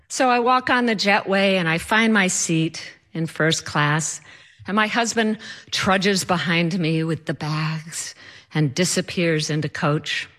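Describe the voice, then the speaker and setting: A woman's voice: on the low side, measured pace, a bit bright. A woman telling a personal story in a wry, self-mocking way.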